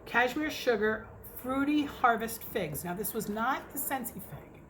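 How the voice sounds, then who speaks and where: Chatty excitable woman reviewing wax. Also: a little high, unhurried, slight background noise. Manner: chatty, excitable, swears casually. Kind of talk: casual chat. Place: home near an airport.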